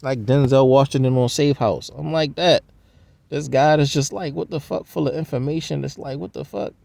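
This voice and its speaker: A man's voice: on the high side, normal speed, vocal fry, darkish tone, no room sound. A man rambling in a profane, slangy casual monologue. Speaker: vlogger.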